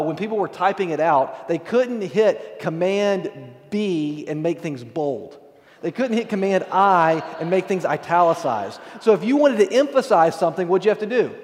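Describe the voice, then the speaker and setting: A man's voice: high-pitched, darkish tone. A man preaching a sermon in a church, in a casual, conversational way, with frequent asides to the congregation. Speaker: pastor. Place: church sanctuary. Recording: long hall reverb.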